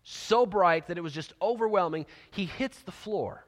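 A man preaching a sermon with a high voice, moving between lively storytelling and hushed, near-whispered lines. Long hall reverb trails each phrase. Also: moderate pace. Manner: animated storytelling, dropping to soft near-whispers for emphasis. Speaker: pastor.

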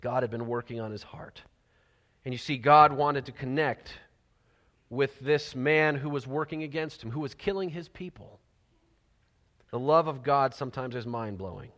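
A man preaching a sermon, telling the story with animated energy and dropping to soft near-whispers for emphasis. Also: mid-range voice, normal speed. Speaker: pastor. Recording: long hall reverb.

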